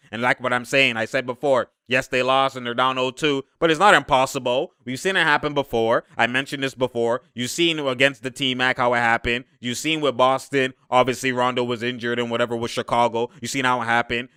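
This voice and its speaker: A man doing casual, slangy basketball film breakdown, laughing often and shouting at the players on screen. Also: mid-range voice, smooth, dry recording, clean studio sound. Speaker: sports commentator breaking down game film. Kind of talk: casual game breakdown commentary.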